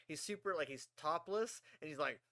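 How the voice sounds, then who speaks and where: Man, podcast co-host, bright tense voice, dry close sound, casual rambling, laughs a lot. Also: fairly high pitch, lively intonation, normal speed, no echo. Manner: laughs often, swears casually, rambling storyteller. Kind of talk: casual chat.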